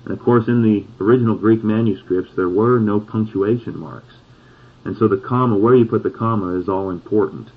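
Husky low-voiced male preacher, tinny sound. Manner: slow, deliberate scripture reading with emphatic pauses. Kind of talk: sermon.

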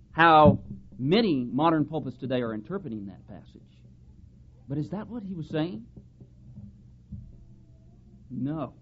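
A man preaching a sermon, reading scripture aloud and pressing his points with strong rises in emphasis. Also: on the high side. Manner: emphatic, rising and falling for stress, reads scripture aloud. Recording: dull lo-fi sound with faint background hiss.

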